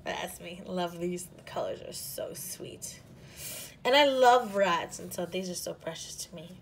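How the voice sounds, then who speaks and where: Gushing woman with a low voice. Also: expressive, moderate pace, a little hiss or hum. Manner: gushing, drifts into soft half-whispers. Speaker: planner sticker shop owner and vlogger. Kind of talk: casual haul show-and-tell.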